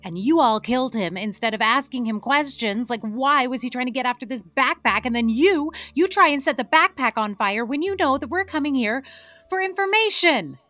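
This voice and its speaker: A woman's voice: high-pitched, expressive, moderate pace, bright, forceful tone, dry recording, pitched above the performer's own voice. A woman playing a cranky, scolding beast familiar. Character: cranky waterlogged female beast-eared familiar.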